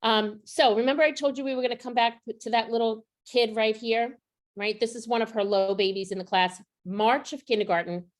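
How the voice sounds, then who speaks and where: A woman's voice: a little high, steady tone, fairly quick. Woman giving a teacher training talk. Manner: explanatory, checks in with rhetorical "right?". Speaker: literacy trainer presenting to teachers. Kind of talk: professional development presentation.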